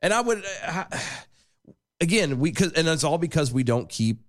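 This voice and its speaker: A man's voice: a little high, big pitch swings, normal speed. A man hosting a podcast in casual, sarcastic political banter, often quoting and mimicking others. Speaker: podcast host.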